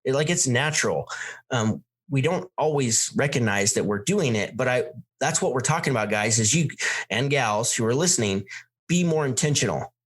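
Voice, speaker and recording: A man's voice: medium pitch, moderate pace, slightly rough. A man hosting a coaching talk, speaking energetically and emphatically, shifting his pace and volume to make his points. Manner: energetic, emphatic, plays with tempo and volume to demonstrate. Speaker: sales coach host.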